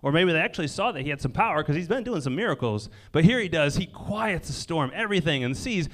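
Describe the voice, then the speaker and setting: Conversational preacher man, hushed emphasis. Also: on the high side, lively intonation, fast talker. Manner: conversational, frequent "like" and "right?", drops to quiet emphasis. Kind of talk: casual sermon. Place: indoor gathering near a lake.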